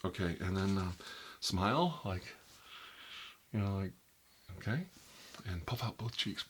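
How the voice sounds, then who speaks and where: A man's voice: deep voice, unhurried, husky. A man playing a nervous rambling doctor, ASMR role-play. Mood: uneasy. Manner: rambling, full of fillers like "you know". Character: nervous rambling male doctor examining a vampire. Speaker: doctor examining a patient.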